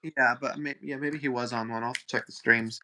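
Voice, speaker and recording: A man chatting as a friend on a stream, teasing and laughing often. His voice sits at a medium-low pitch for a man. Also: fairly even intonation, brisk, bright, forceful tone, slight background noise. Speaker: guest friend. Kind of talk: casual chat.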